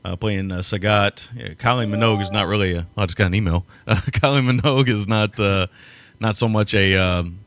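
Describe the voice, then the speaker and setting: Laughing, halting male podcast co-host. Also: on the low side, a bit bright, no room sound. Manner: laughs often, halting with restarts. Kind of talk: casual chat.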